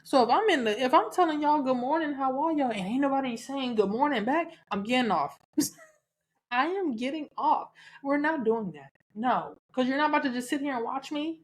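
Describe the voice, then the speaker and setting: A woman's voice: sits high, expressive, normal speed. Candid Southern woman podcaster. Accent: Southern American. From American South. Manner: candid, chatty, frequent laughs and cussing. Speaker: podcast host. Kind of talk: casual solo podcast talk.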